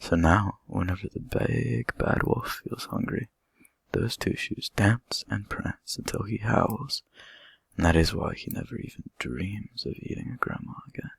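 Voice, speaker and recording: A man reads a children's bedtime story in a deep voice with heavy vocal fry. His tone is husky and breathy, and the recording is dry and close to the mic. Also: measured pace, dry recording.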